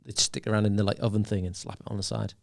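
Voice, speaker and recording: A man guesting on a podcast as a comedian, talking in relaxed, casual chat and laughing often. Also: fairly low pitch, racing, creaky, dry recording, studio quality.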